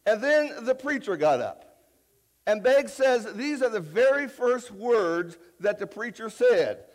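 High-voiced folksy male preacher. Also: slow. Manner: folksy, conversational storytelling; animated, rises loud and high when retelling a story. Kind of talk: sermon.

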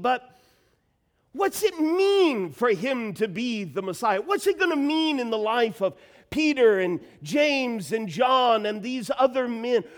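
Slow, high-voiced male preacher. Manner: slow, emphatic preaching with rising bursts. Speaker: pastor. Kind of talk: sermon.

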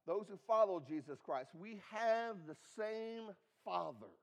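High-voiced man preaching a sermon. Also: expressive, slow, vocal fry. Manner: reads scripture aloud and asks the congregation to follow in their Bibles; emphatic, with rising and falling delivery.

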